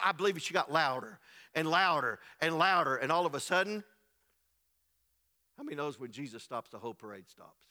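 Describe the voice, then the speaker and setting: A man preaching a sermon as pastor, telling a scripture story in an animated way, acting out its people and building to loud, rising passages. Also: a little high, fairly quick, long pauses. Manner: acts out the voices of the people in the story.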